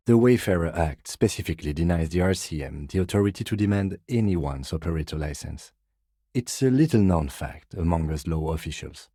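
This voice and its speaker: An actor playing a reserved, precise middle-aged police lieutenant in a video game, speaking in a measured, formal, dry way. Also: male voice, sits low, warm tone, breathy edge, dry recording. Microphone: close studio mic.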